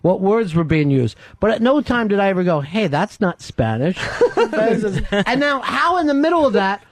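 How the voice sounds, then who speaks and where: A man with a high voice hosts a talk radio show, spinning a long story full of swearing and laughing along as he goes. The sound is close and dry, with almost no room, from a studio microphone. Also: expressive, moderate pace, no room sound. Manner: profane, laughs through his own story.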